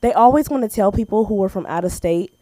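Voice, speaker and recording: A woman's voice: medium pitch, quick pace, no room sound. A woman with an American accent doing a stand-up set at an open mic, telling stories and acting out the people in them. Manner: animated storytelling with acted-out quotes and laughs. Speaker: stand-up comedian.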